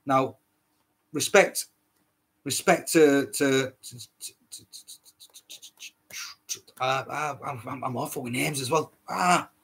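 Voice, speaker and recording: A man's voice: mid-range voice, slow, creaky, pauses often, a bit bright, breathy edge. A man hosting a solo podcast, ranting in a heated, repetitive way, swearing often and stumbling over his words. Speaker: podcast host.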